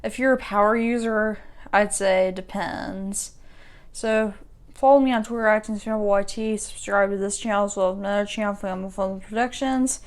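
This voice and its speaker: Smooth-voiced woman, rambling tech walkthrough. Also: mid-range voice, steady tone, normal speed. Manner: rambling, self-correcting, restarts sentences often. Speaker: tech YouTuber.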